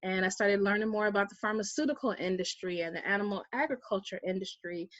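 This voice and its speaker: A woman guest recounts a personal story in a relaxed interview. She speaks in an animated way and slips into the voices of the people she quotes. The recording is dry and a little muffled. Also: medium pitch, fast talker, dry recording. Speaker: guest, vegan activist.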